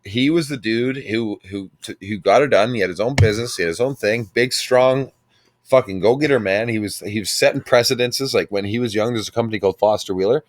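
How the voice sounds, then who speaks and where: A man's voice: on the low side, fairly quick. A man in his twenties in casual podcast chat, blunt and emphatic, swearing freely. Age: 20s.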